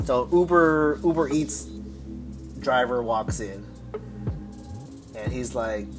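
A man's voice: mid-range voice, lively intonation, takes it slowly, music in the background. A man telling a story in a casual podcast chat, rambling and cursing with frequent restarts.

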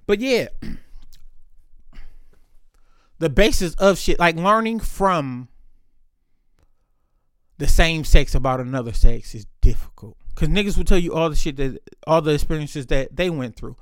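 A man's voice: fairly high pitch, lively intonation, normal speed, a bit bright, no room sound, studio quality. A man telling stories in a casual monologue, talking candidly and swearing freely as he goes. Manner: candid, profane, and loose, with frequent swearing.

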